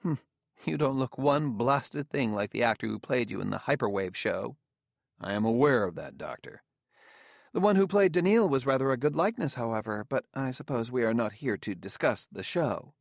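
A man's voice: mid-range voice, lively intonation, moderate pace, vocal fry, dry recording, clean studio sound. A man voicing a cool, imperious woman scientist who speaks in clipped, commanding tones in an audiobook. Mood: haughty.

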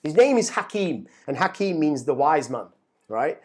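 A middle-aged man telling a story as a guest, animated and swearing, often repeating words as he gets excited. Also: fairly high pitch, normal speed, a little hiss or hum. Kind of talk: casual storytelling.

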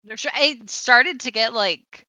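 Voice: mid-range voice, a little slow, pushed and bright, no room sound, rough recording. A co-host in a casual podcast, blunt and joking. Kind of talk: casual chat.

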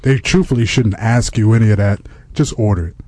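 Host, low and mellow male voice, teasing, takes charge, dry studio sound. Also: fairly quick, dry recording. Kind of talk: comedic banter.

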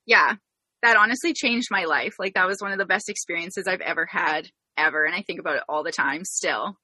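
A woman's voice: lowish voice, brisk, pushed and bright, breathy edge, no room sound. A young Canadian woman hosting a podcast, telling a story in a bubbly, giggly way. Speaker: podcast host. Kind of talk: casual interview chat.

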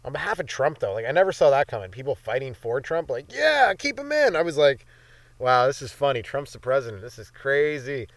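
A man's voice: medium pitch, fairly quick, no echo. Canadian guy, young, solo comedy podcast host, profane rambling riffs, dry close sound. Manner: profane, jumps between bits and silly voices.

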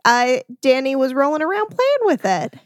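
A woman in casual chat as a podcast co-host, telling stories in a relaxed, playful way. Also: high-pitched, normal speed, no room sound, clean studio sound.

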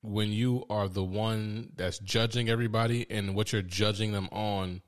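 A man's voice: fairly low pitch, fairly even intonation, moderate pace. A man co-hosting a casual podcast chat, talking in a laid-back, agreeable way.

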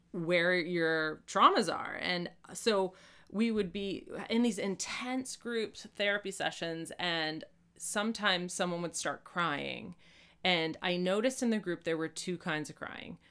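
A woman's voice: lowish voice, unhurried, a bit bright, clean tone. A woman talking reflectively in a podcast conversation as a guest author, now and then acting out quoted voices.

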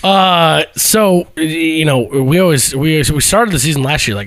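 A man's voice: on the high side, normal speed, a bit bright. A man co-hosting a casual sports podcast, joking and bantering loosely. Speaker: podcast co-host.

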